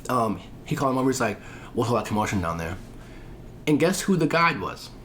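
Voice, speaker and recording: A man telling a story as a podcast guest in casual chat, animated and profane, acting out the voices of people he quotes. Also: mid-range voice, a little fast, a little hiss or hum.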